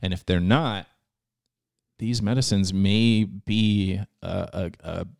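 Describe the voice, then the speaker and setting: A young man tells a personal story in an easygoing, slangy way, full of fillers and restarts and earnest with feeling. His voice sits very low with a gravelly fry. The sound is dry and close, with no room around it. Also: takes it slowly, a little mellow, dry recording. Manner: earnest and emotional when telling the story. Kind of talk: casual storytelling in a podcast chat.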